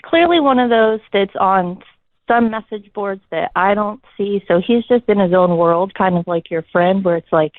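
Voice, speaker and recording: A woman calls into a show and tells her story in an amused, chatty way. Her voice comes over a tinny phone line that sounds dry and close. Her pitch sits mid-range. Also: moderate pace, no echo. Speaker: caller. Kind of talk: casual phone-in anecdote.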